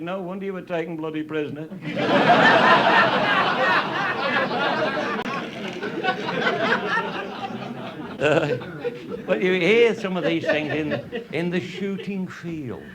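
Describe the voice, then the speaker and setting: A man telling comic anecdotes in a rambling, salty way, swearing constantly and laughing at his own jokes. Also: a little high. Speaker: raconteur.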